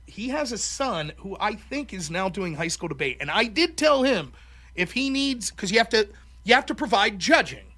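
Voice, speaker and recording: High, lively voiced man swearing freely. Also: moderate pace. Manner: animated, swears constantly, acts out quotes. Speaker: podcast guest, former college debater. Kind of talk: casual profane chat.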